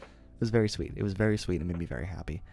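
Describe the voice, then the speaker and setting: Young male streamer, low register, loose self-interrupting storyteller, light music bed. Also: racing, dark tone. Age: young adult. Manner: rambling, self-interrupting, laughs at himself. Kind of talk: casual storytelling to chat.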